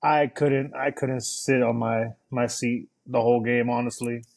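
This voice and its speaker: A man's voice: mid-range voice, fairly even intonation, measured pace, gravelly, a little mellow. A man co-hosting a podcast, eagerly recapping a football game in casual chat. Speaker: podcast co-host.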